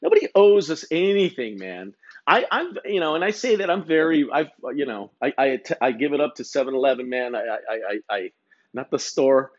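A man talks in a loose, rambling monologue, tripping over restarts and dropping curse words as he goes. His voice sits in an ordinary middle pitch. The recording sounds a little dull and lo-fi. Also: sing-song, moderate pace. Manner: rambling, stammering restarts, heavy swearing, laid-back. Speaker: podcast host.

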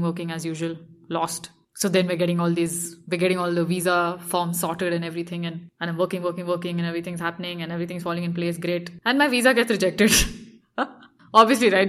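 A young woman, a fashion designer, telling a personal story in a lively way and acting out her own past thoughts. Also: fairly low pitch.

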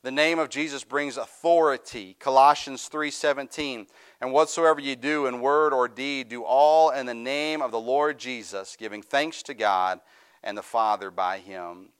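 A man's voice: mid-range voice, moderate pace, smooth. A middle-aged male pastor preaching a sermon, reading scripture aloud and rising into fervent, raised preaching.

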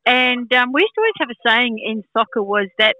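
Chatty woman football pundit, bright voice. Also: a little high, sing-song, fairly quick, highs cut off, a little hiss or hum. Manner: chatty, laughs often, many fillers. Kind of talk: casual sports chat.

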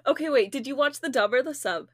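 Woman, casual co-host, higher voice, dry close sound, giggly and animated. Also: quick pace, dry recording. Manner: giggly, laughs often, animated. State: laughing to tears at times. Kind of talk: casual chat.

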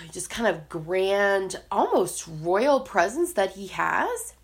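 A woman co-hosting a podcast, chatting in a casual, animated way and laughing often between thoughts. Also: mid-range voice, drawn-out words. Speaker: podcast co-host.

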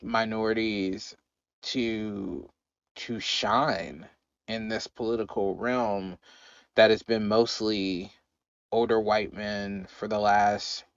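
Man co-hosting a casual chat, emphatic, slow-paced, dry muffled sound. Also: fairly low pitch, gravelly, clean tone, no room sound. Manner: animated, emphatic, repeats phrases. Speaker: podcast co-host.

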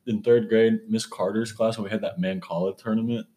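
A man's voice: on the low side, steady tone, brisk, mellow. A young man in casual chat with a friend, joking and cursing, laughing often.

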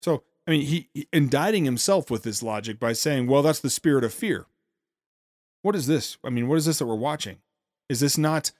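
A podcast host with a medium-pitched, darkish voice and lively intonation picks apart a speech critically and sarcastically, frequently stopping and restarting his sentences. The recording is clean studio sound with no echo.

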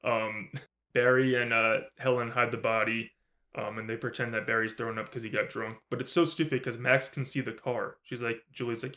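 Animated swearing man recapping a film. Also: mid-range voice, moderate pace. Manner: animated, swears often, acts out characters' lines. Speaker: podcast co-host. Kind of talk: casual movie review recap.

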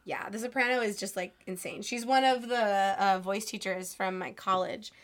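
A woman's voice: medium pitch, fairly even intonation, normal speed. A woman in her twenties co-hosting a podcast, chatty and giggly, with lots of fillers. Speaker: podcast co-host. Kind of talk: casual chat.

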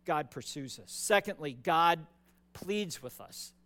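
A man's voice: on the high side, animated, slow, sharp tone. A man preaching a sermon as pastor, conversational and emphatic, often repeating words for stress.

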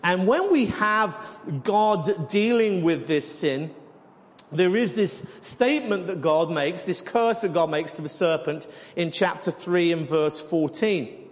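A man's voice: sits high, takes it slowly. A man preaching a sermon, teaching animatedly and often repeating words as he goes. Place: church hall. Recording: long hall reverb.

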